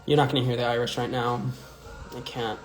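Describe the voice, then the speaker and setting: Young male drag performer, loose chatty livestream delivery, filler-heavy, mid-pitched, roomy echo. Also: little pitch movement, a little fast. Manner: rambling, chatty, many "like" and "um" fillers. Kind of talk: casual livestream chat answering viewer comments. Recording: echoey room with faint music.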